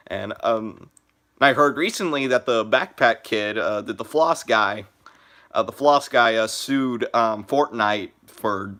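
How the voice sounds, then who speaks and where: A young man talks through his first live stream in a loose, rambling way. He keeps restarting his sentences and padding them with fillers. His voice sounds bright and forceful at a middle pitch. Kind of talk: casual live stream chat.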